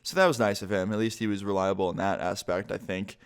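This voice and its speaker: A man's voice: deep voice, fairly even intonation, fast, clean tone. A young man telling a casual, profane storytime to his viewers and acting out the quotes. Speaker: vlogger.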